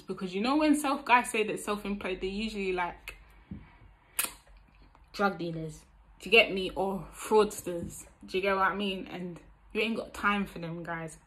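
A woman's voice: medium pitch, poor audio. Young woman, East London accent, casual dating-advice vlog, slangy, acts out conversations. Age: young adult. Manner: animated, acts out both sides of chat-up lines; street slang, tag questions like "you get me?". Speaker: vlogger giving dating advice.

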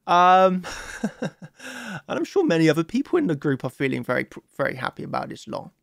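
Young man, crypto chart commentary, blunt and self-assured, slightly high voice. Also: sing-song, moderate pace, gravelly, a bit bright, no room sound, clean studio sound. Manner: brash, blunt and self-assured, with many restarts. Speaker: crypto trading analyst. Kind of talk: live chart analysis monologue.

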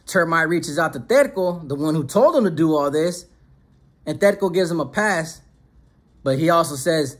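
A man's voice: sits high, animated, normal speed, slightly rough. A man telling a prison story in a casual, streetwise way, full of slang.

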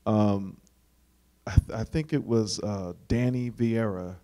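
A man's voice: fairly low pitch, slow, mellow. A man speaking earnestly and conversationally in a Bible study discussion, with frequent "you know"s.

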